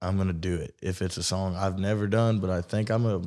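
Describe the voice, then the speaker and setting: A man's voice: deep voice, steady tone, fairly quick, dark tone. A man, co-hosting a casual podcast, talking bluntly and profanely about life as a musician. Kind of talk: casual chat.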